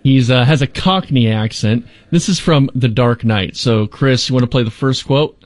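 A man hosting a casual chat game, explaining the rules at length in a relaxed way. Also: mid-range voice, moderate pace, a little hiss or hum. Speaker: game host.

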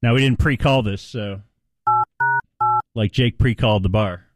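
A man's voice: on the low side, measured pace. A man hosting live sports talk radio, chatty and playful, rambling with asides.

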